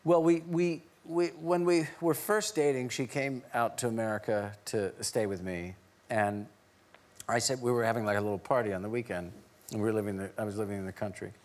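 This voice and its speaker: A man's voice: on the low side, brisk. A man who is a guest on a TV talk show, telling a story with animation and laughing as he goes. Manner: animated anecdote, laughing as he tells it. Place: TV studio before an audience.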